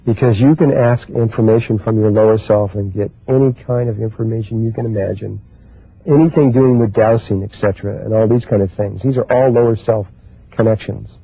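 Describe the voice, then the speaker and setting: Slow, halting man on lo-fi audio. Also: on the low side, fairly even intonation, no echo. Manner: slow, halting, with many pauses and restarts. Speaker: spiritual teacher. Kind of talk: spiritual talk. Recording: husky, dry, phone-like lo-fi recording.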